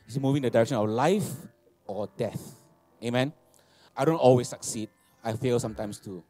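A man, preaching a sermon, animated and laughing, repeating phrases and asking for amens. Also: medium pitch, normal speed, no room sound, faint music behind. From Malaysia. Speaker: pastor. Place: church hall.

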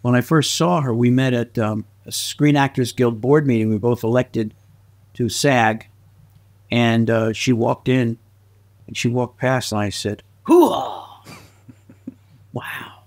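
Man, interview guest, middle pitch, animated anecdotes, frequent laughs. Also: measured pace. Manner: lively anecdotal storyteller who slips into voices and laughs often. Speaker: guest actor and filmmaker. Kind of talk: casual interview storytelling.

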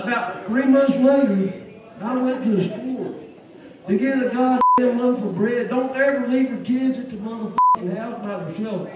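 A man doing profane, rambling stand-up on a stage in front of a large crowd, shouting his punchlines. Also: extremely high pitch. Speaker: stand-up comedian. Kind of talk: stand-up storytelling. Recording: echoey live venue, distant mic, noisy.

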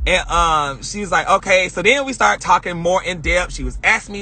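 A young woman vlogger telling a personal story in a chatty, animated way, swearing and acting out quotes. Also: on the low side, a little fast, hardly any pauses, slight background noise. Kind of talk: casual storytelling.

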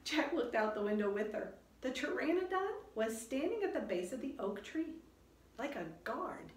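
A woman reading a children's storybook aloud in a slow, expressive storytelling manner. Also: on the high side. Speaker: children's book reader. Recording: roomy echo.

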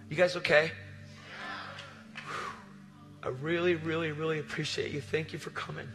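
A man preaching a passionate sermon, moving between loud declarations and hushed storytelling, recorded live in a large hall. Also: on the high side. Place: large hall with long reverb.

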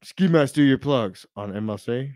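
A man talking as a podcast guest in brash, profane, rambling casual chat, swinging between loud outbursts and low mutters. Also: expressive, moderate pace, no echo.

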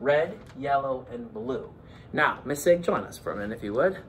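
A man's voice: medium pitch, animated, moderate pace, a little hiss or hum, voice pushed down, close to an everyday voice. A man in his forties putting on the voice of a jolly, playful pirate for a children's lesson, with growly "arr"s between his jokes. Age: 40s.

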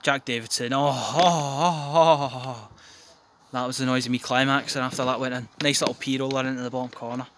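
A young man giving excitable, sweary, jokey commentary on his football game from his back garden, breaking into yells. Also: medium pitch, quick pace, slight background noise. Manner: sweary, jokey, bursts into yelling. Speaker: gaming commentator.

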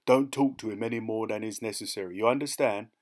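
A man voicing a sly, rat-faced male hitch-hiker with a soft, oily voice. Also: lowish voice, fast, close to an everyday voice. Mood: confiding.

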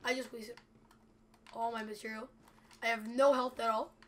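A woman's voice: fairly high pitch, little pitch movement, normal speed. A young woman giving live gameplay commentary, chatty and anxious, talking straight to her viewers. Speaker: gameplay video creator.

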